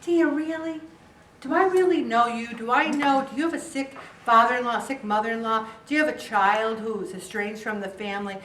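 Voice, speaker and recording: A woman's voice: a little high, a little fast, fairly bright tone, far from the mic, a little hiss or hum. A woman leading a support group, chatty and joking, who acts out the voices of the people she quotes. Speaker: weight loss group leader. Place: meeting room with a group. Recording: echoey room, voice picked up from afar.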